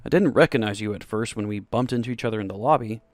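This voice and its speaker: A man voicing a brooding young man with insomnia who talks low and rough as he pleads, in an audio romance story. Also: fast talker, dry recording, lightly acted. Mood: confessing.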